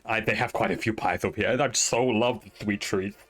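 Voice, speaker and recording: A man voicing a flamboyant, excitable adult male shopkeeper who gushes with breathless excitement. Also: lowish voice, a little fast, faint music behind. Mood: eager. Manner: gushing, squealing, breathless excitement.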